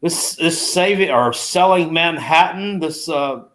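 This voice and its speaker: A man's voice: fairly high pitch, unhurried, a bit bright. Easygoing rambling man. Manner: rambling, easygoing, many fillers. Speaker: co-host. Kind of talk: casual sports chat.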